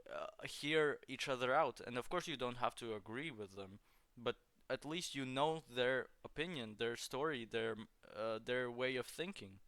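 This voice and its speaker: A man speaking earnestly in a casual conversation, slow and measured, pausing with hesitant fillers. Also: mid-range voice, fairly bright tone, clean tone, no echo.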